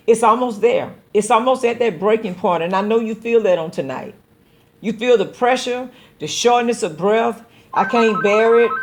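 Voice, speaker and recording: A woman pastor hosts a call-in show. She speaks to listeners directly in an earnest, exhorting preaching style at a middle pitch, often stumbling over repeated words as she builds toward a point. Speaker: pastor and radio show host.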